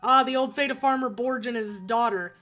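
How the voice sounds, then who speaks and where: Bright, giggly woman game streamer. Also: on the high side, soft background music. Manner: chatty, giggly, halting with fillers. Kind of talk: casual game playthrough, reading text aloud.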